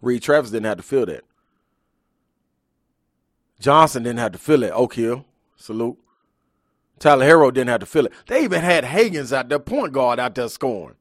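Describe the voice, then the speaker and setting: A man's voice: medium pitch, expressive, moderate pace, long pauses, dry recording, clean studio sound. A man hosting a live sports talk show, ranting emphatically in heavy slang.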